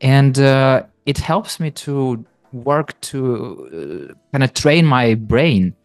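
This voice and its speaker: A man's voice: mid-range voice, lively intonation, no echo, clean studio sound. A man hosting a podcast, friendly and chatty, laughing often. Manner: friendly, laughs often, quick bursts when explaining. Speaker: podcast host. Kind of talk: casual interview.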